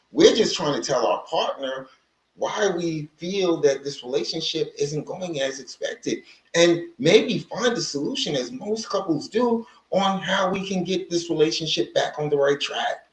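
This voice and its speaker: A man's voice: high-pitched, sing-song, a little slow, roomy sound, rough recording. A man hosting a casual livestream about healing, talking in a rambling, conversational way with many restarts and stopping to greet viewers from the chat. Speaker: livestream host on healing from narcissistic abuse. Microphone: livestream microphone.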